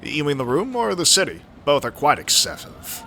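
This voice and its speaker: Brief: a hopeful young romantic, voiced by a streamer with a bright, animated tone. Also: male voice, on the high side, moderate pace, vocal fry, a little hiss or hum, heavily acted. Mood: wry. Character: hopeful young man awaiting a date.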